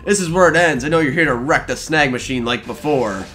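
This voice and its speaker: A man's voice: on the high side, brisk, fairly bright tone, soft background music, close to an everyday voice. A man reading a cocky young male gang trainer's game dialogue aloud in a taunting, challenging way.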